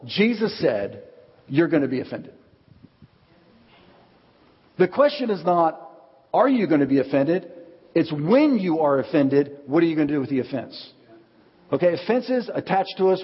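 Guy pastor preaching, bit high and raspy, big hall echo, kinda dull lo-fi sound. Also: moderate pace, long pauses. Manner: animated storytelling, acts out quotes. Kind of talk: sermon. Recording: dull audio with long hall reverb.

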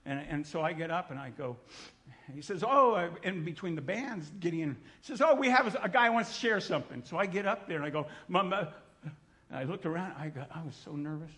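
A middle-aged man preaching, telling his testimony in an animated storytelling manner, acting out voices and sometimes shouting. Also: fairly high pitch, a little fast. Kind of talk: sermon testimony.

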